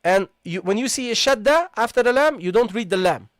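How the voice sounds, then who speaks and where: A man leads a live online recitation lesson, explaining step by step, repeating sounds slowly and checking in with "okay, guys?". His voice is high with lively intonation, recorded in studio quality with no echo.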